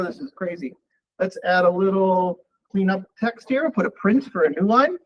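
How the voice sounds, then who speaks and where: High-voiced man lecturing on code. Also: moderate pace, dull audio. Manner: relaxed, thinking aloud while typing code. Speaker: college programming lecturer. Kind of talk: live coding lecture.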